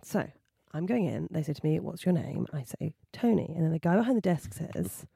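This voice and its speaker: A woman's voice: sits low, animated, a little fast, creaky, mellow, husky, no room sound, clean studio sound. A woman co-hosting a casual comedy podcast, telling self-mocking stories in a chatty way. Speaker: podcast co-host.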